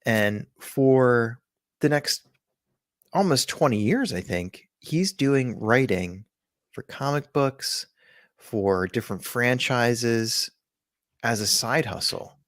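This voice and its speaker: A man's voice: mid-range voice, animated, takes it slowly, no room sound, clean studio sound. A man co-hosting a podcast in casual chat, telling stories in a rambling, jokey way. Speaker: podcast co-host.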